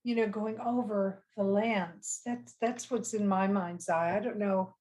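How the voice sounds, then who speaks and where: A woman's voice: medium pitch, steady tone, measured pace, dark tone. A woman hosting a spiritual podcast, affirming her guest and describing visions with enthusiasm. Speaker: podcast host. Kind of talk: spiritual interview conversation.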